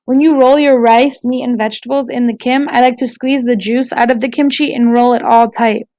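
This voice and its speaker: A bubbly, warm-hearted young woman customer chats in a raised, upbeat voice, as a woman reading a storybook puts her on. The delivery is cheerful and talkative. The sound is dry and close. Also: on the high side, steady tone, brisk, no echo, close to an everyday voice. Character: friendly young Korean American woman customer.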